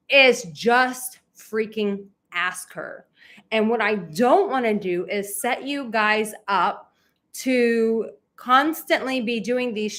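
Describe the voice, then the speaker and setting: A woman who coaches on dating, hosting a livestream and talking straight to her viewers. Her manner is effusive and emotional, and she gushes with gratitude. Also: fairly high pitch.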